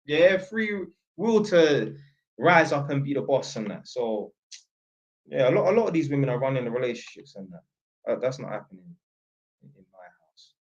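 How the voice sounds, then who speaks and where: A young channel host with a London accent, from North London, speaks at normal speed in a mid-range, sing-song voice and pauses often. He tells a story and rants bluntly with slang in lo-fi sound.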